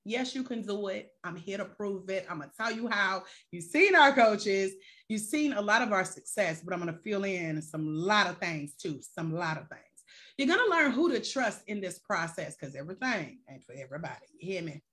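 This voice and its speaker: A woman's voice: medium pitch, lively intonation, moderate pace, fairly bright tone. A woman life coach on a live stream who talks straight to her viewers with casual slang and rhetorical questions.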